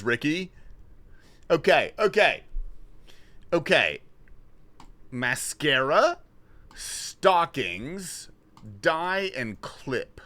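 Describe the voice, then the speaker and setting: Man, livestreamer, lively pitch, unhurried pace, thinks aloud and swears. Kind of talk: casual livestream chat while playing a word puzzle.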